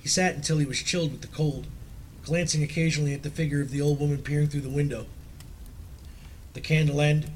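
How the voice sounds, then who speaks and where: A man reading a ghost story with suspense. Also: slight background noise. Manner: suspenseful, dropping low and quiet at tense moments.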